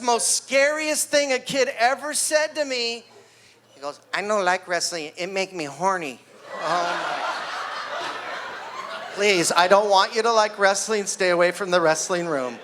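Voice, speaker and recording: Speaking slowly with long pauses, a high-voiced man in his sixties performs stand-up for a live audience at a party. A wrestling coach, he tells animated stories and imitates the kids, while some chatter and slight background noise can be heard.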